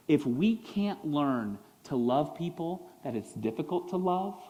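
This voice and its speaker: A male pastor delivering a sermon with a lively, up-and-down voice pitched a little high. He acts out little quoted voices and swings from loud to hushed. The sound carries a long church-hall reverb.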